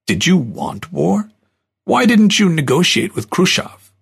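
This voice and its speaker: Brief: a man playing a polite, earnest host from the future, husky and gravelly. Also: sits high, very animated, measured pace, pitched above the performer's own voice, heavily acted.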